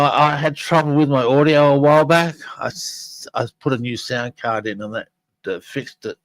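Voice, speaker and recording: A man's voice: mid-range voice, no room sound, rough recording. A man hosting a live podcast, talking casually and rambling with many fillers and restarts. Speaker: podcast host.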